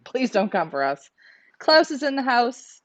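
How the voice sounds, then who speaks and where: A woman's voice: on the high side, very animated, measured pace, a bit bright. A woman co-hosting a pigeon club livestream, greeting viewers and teasing her partner. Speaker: co-host. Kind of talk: casual livestream banter. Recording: slightly dull lo-fi sound.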